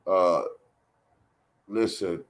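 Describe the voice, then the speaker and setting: A man's voice: low voice, drawn-out words. A man telling a story in casual profane chat, acting out the people in it. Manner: profane, animated, acts out quoted voices. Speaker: guest storyteller.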